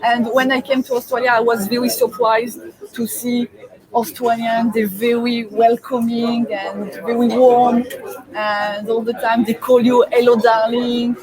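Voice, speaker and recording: A woman's voice: on the high side, flat delivery, unhurried, a crowd in the background, poor audio. A French woman hosting a casual webinar chat in English with a French accent, chatty and hunting for words as she asks her guest questions. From France. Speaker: host. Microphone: video call.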